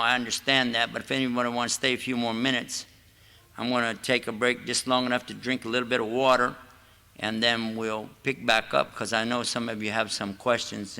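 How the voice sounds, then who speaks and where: A man's voice: medium pitch, sharp tone, clean tone. An older man from the United States giving an Islamic lecture in a mosque, a folksy, joking storyteller with casual asides. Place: mosque hall. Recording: echoey hall.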